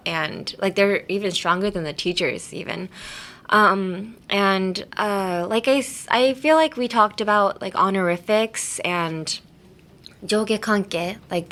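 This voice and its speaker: A woman's voice: medium pitch, fairly bright tone. A woman hosting a podcast English lesson, talking casually and rambling with lots of fillers and self-corrections. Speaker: podcast host teaching English through anime.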